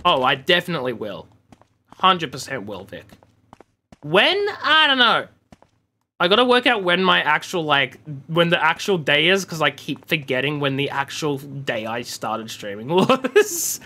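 An Australian man livestreams a game, casually joking and mock-complaining as he goes. His voice is on the high side, bright and forceful, very animated yet unhurried.

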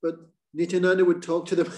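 A man teaching a devotional class, recounting a sacred story with an animated, storytelling delivery. His voice sits a little higher than most men's. He briefly takes on the voices of the figures he quotes. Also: low-quality recording. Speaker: spiritual teacher.

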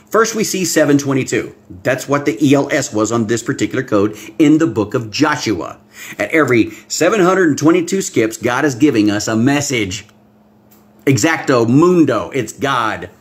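A man preaching a livestream Bible-code sermon, excitable, swinging between hushed asides and loud exclamations and talking straight to his viewers. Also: medium pitch, normal speed, husky. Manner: talks directly to viewers, reads out comments. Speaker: pastor.

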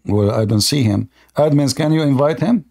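A man's voice: medium pitch, moderate pace, gravelly, darkish tone. Insistent mocking male debater. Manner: mocking, insistent, hammers one question with repeats. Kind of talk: heated online voice-chat debate.

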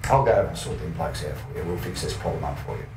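A man's voice: rumbling low, lively intonation, rapid-fire. A man with an Australian accent telling crude, rambling anecdotes, acting out other people's voices and breaking into laughter. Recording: roomy distant archive recording with faint noise.

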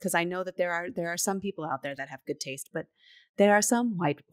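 A woman's voice: on the low side, no echo, clean studio sound. A woman co-hosting a casual chat, talking expressively and emphatically about her family. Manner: expressive, emphatic, quick asides. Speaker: podcast co-host.

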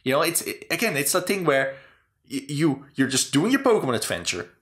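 A man's voice: fairly high pitch, very animated, brisk, a bit bright. A young man hosting a casual chat about game design, rambling and exasperated, with frequent swearing. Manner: rambling, profane, exasperated ranting. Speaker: host.

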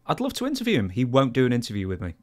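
A man from outside the US hosting an interview, asking casual questions with some hesitation. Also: mid-range voice. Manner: quick, lively, with filler hesitations. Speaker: interviewer, host.

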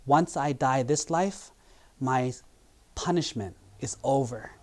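A man voicing a wise, compassionate old male goat in a spoken parable, speaking slowly and gently. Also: medium pitch, lightly acted. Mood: solemn.

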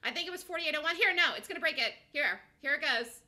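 A woman hosting a live day-trading show, giving rapid, repetitive play-by-play of her trades and gasping and squealing as prices move. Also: high voice, animated, sharp tone.

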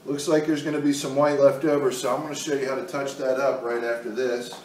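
A man's voice: medium pitch, little pitch movement, quick pace, a little mellow, a little hiss or hum. Guy showing how to paint, talks easy while he works, super echoey room, mic far away. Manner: easygoing, talks while working. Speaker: art instructor. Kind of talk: step-by-step painting demonstration.

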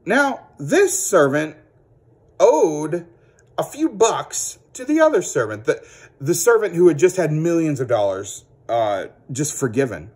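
Lively man telling kids a Bible story. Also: fairly high pitch, a little slow, slightly rough. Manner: animated storytelling, acts out characters. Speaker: children's ministry teacher.

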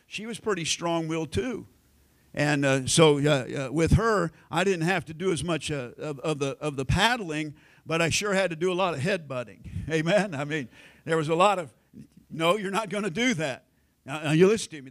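A middle-aged American pastor preaching a sermon in a folksy storytelling way, acting out family conversations. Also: male voice, on the high side, fairly bright tone. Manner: folksy storytelling, acts out quoted family lines.

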